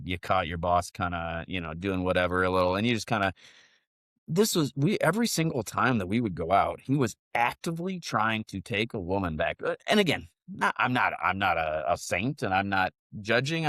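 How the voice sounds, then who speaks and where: Profane, rambling male podcast co-host in his forties, lively pitch, dry close sound. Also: dry recording. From United States. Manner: profane, rambling, animated storytelling. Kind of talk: casual storytelling chat.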